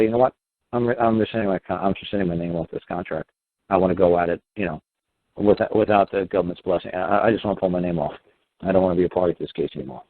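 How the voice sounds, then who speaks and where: A man's voice: lowish voice, dry recording. A middle-aged man hosting a call-in show, giving blunt, rambling advice and swearing freely. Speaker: host. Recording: tinny phone-like audio.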